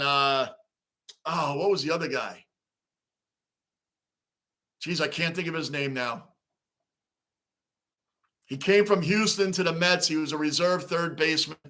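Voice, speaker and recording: A man hosting a live sports reaction stream, rambling excitedly and reading fan chat aloud. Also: on the high side. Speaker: livestream host.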